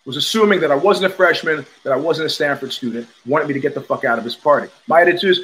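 Older man, New York accent, high pitch, bright edgy tone, blunt animated storytelling, casual show monologue. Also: fast, few pauses. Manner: blunt, animated storytelling with frequent restarts and profanity. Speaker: show host.

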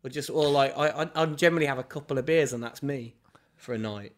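A man co-hosting a podcast, chatting casually and telling stories in an animated, laughing way. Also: mid-range voice, fast talker. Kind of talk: casual chat, storytelling.

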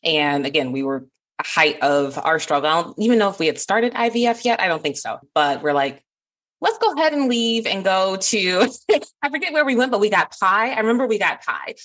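Woman podcast host, low voice, earnest and warm. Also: brisk. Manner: earnest, warm-hearted, laughs often. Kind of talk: heartfelt conversation.

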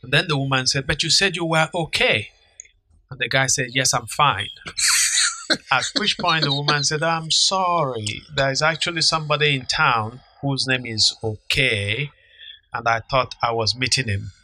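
A middle-aged man co-hosting a podcast, telling an anecdote in an unhurried, measured way. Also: mid-range voice, bright, forceful tone, no echo, low-quality recording. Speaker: podcast co-host, author. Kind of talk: casual storytelling chat.

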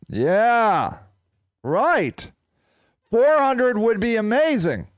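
Animated high-voiced male podcast host. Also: a little slow, clear, resonant tone, no echo. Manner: animated, rambling, playful storytelling. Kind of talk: casual solo podcast chat.

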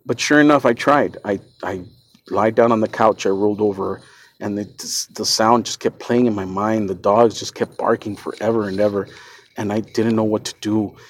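A man's voice: fairly low pitch, fairly even intonation, moderate pace, slight background noise. A man hosting a podcast, telling a first-person story in an earnest, shaken way, often repeating and restarting his words. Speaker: podcast host.

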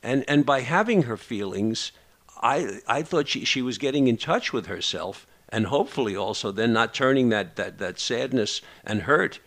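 Halting male radio host. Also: mid-range voice, animated, a bit bright. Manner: halting, many fillers and repeats. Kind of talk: interview hosting.

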